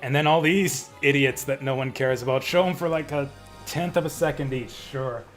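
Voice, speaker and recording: A man's voice: medium pitch, moderate pace, soft background music. Blunt, swearing male game streamer. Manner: ranting, swears freely, blunt. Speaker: livestreamer playing games. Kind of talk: casual live-stream commentary.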